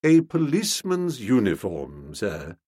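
A man lowers his voice into a solemn, unflappable manservant who murmurs every reply with grave deference, as in a storybook read aloud. The tone is husky and breathy, and the voice sits close and dry with no room around it. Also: wildly swooping pitch, measured pace, dark tone, no echo, full character voice. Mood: deferential. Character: solemn, unflappable male valet of middle age.

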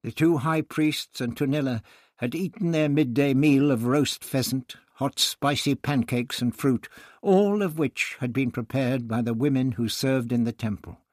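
A man reading a novel aloud in measured scripted narration. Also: medium pitch, darkish tone, dry recording, clean studio sound. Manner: measured storytelling. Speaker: audiobook narrator.

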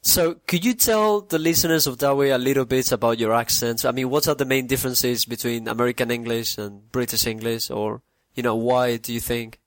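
A man's voice: medium pitch, steady tone, brisk, few pauses, no room sound. Dry-sounding Spanish-native male host. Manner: conversational, leans on "you know". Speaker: podcast host. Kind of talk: casual interview.

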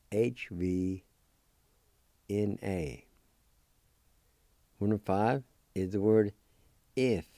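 A middle-aged man giving a slow, deliberate spelling and pronunciation lesson, spelling out letters one by one. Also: lowish voice, vocal fry, mellow, no room sound. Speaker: radio language teacher.

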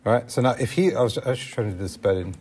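A man's voice: mid-range voice, fast, a little mellow, husky. A man teaching a classroom lesson on Islamic law, explaining step by step and asking the class questions.

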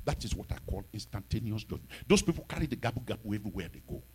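A man preaching a sermon, telling stories in an animated way and building into shouted declarations. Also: on the low side, very fast, breathy edge. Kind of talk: storytelling sermon, rising into shouted exhortation.

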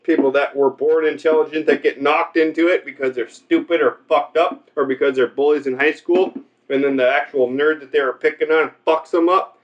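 A man's voice: on the high side, steady tone, a little fast, lo-fi sound. A man in crude comedic banter, profane and rambling, slipping into silly voices.

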